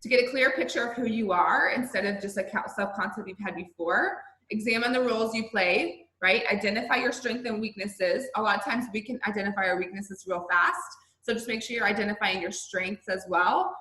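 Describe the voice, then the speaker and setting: A woman's voice: mid-range voice, brisk, hardly any pauses, pushed and bright, echoey room, rough recording. A woman, a college instructor, giving a recorded online lecture in a conversational way, often checking in with her students. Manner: conversational, checks in with "right?" and "okay?". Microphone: video call.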